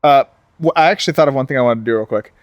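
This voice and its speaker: A man's voice: mid-range voice, rapid-fire, dry recording, studio quality. A man hosting a podcast in casual chat, playful and restless. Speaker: podcast host.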